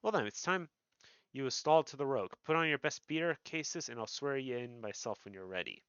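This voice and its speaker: A man's voice: medium pitch, lively intonation, a little fast, fairly bright tone, clear, resonant tone, no echo, lightly acted. Male reader as a sly, upbeat thief boss from a fantasy game, slangy patter, dull lo-fi audio. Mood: jovial. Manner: cheery thieves' slang. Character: sly male rogue guild master, jovial.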